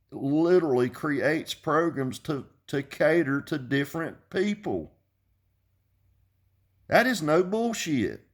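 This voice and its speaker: This is a man in his fifties with a plain, mid-pitched voice, venting straight to the camera. He talks bluntly, swears without pause and circles back over his points. His delivery is that of an unscripted video rant. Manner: blunt, profane, repeats himself when heated. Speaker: car audio vlogger.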